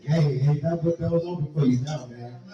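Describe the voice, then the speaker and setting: A man's voice: a little high, moderate pace, distant mic, muffled recording, a loud crowd. A man telling a laid-back, rambling, raunchy stand-up story on a comedy venue stage. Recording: echoey live room, mic from afar.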